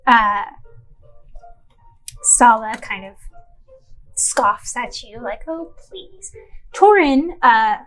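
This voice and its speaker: A woman narrating a tabletop role-playing game as game master, unhurried and descriptive with fillers. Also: on the high side, animated, fairly bright tone, poor audio.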